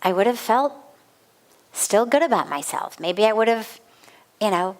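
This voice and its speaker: A woman's voice: medium pitch, animated, unhurried. A middle-aged woman, a spiritual teacher, giving a satsang talk and telling a personal story with earnest, vivid emphasis and repeated phrases.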